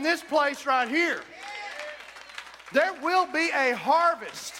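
A man preaching a sermon as pastor, with shouted whoops and emphatic repetition. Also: very high-pitched, big pitch swings, slow pace, pauses often, some chatter behind. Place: church sanctuary. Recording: church hall reverb.

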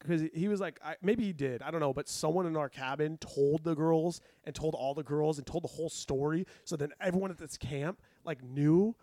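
A young man telling a story in casual chat, animated and laughing often as he acts out quotes. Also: fairly high pitch, a little fast, few pauses, dry recording. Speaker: podcast co-host.

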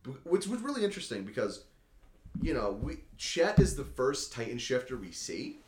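A man chatting casually as a podcast host, rambling and excitable, leaning on "like" and swearing a lot. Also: mid-range voice, normal speed. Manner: rambling and excitable, heavy use of "like", swears often. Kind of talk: casual chat recapping an anime episode. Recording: echoey room.

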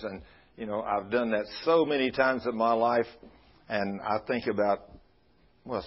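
A man's voice: medium pitch, slightly rough, dull audio. A man co-hosting a Christian talk show, chatting in a folksy way and praising God often.

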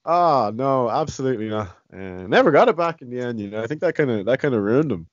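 A man's voice: mid-range voice, expressive, quick pace, dry recording. A man chatting casually about fights, rambling with many restarts and "you know". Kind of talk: casual chat. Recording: dry, slightly dull lo-fi sound.

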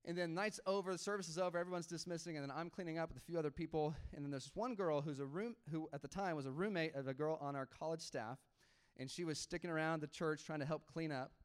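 Young male pastor, lightly raised pitch, clean resonant tone, chatty animated sermon storyteller. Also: fast, clear, resonant tone. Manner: casual, animated storytelling with laughs and quoted dialogue.

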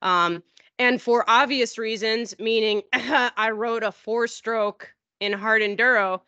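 A woman chatting on a podcast, telling a rambling story and jumping up in pitch when she acts out what others said. The sound is dry with no room at all. The audio is dull and a bit lo-fi. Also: fairly even intonation, takes it slowly, pushed and bright, dry recording. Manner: rambling, acts out quoted people in a higher voice. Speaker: podcast host. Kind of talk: casual storytelling chat.

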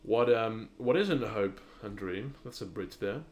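A man's voice: fairly low pitch, lively intonation, measured pace, darkish tone. A young man with a British-leaning accent, hosting a solo podcast and rambling with many restarts and fillers. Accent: British-leaning English, non-native. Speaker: podcast host.

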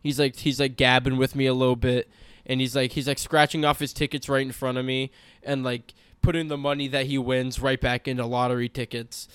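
A young man trading stories on a casual podcast, blunt and full of swearing. His voice is smooth and resonant. The sound is dry and close, with no room around it. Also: medium pitch, little pitch movement, brisk, a bit bright, dry recording. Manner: blunt, profane and emphatic. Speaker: podcast co-host. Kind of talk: casual chat.

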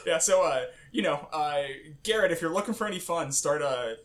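A man's voice: a little high, lively intonation, fairly quick. A man in his twenties co-hosting a podcast, chatting casually and telling a rambling story full of fillers. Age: 20s. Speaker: podcast co-host. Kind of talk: casual chat.

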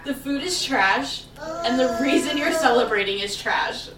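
Young woman ranting about a movie, loud cussing, bit high voice, faint noise behind. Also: expressive, a little slow. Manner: brash and profane, mocking voices for characters. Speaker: podcast co-host. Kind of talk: casual movie-reaction chat.

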